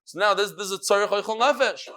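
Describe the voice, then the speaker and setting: A man teaching a daily Talmud class, mixing quick readings of the text with joking asides. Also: sits high, bright, forceful tone.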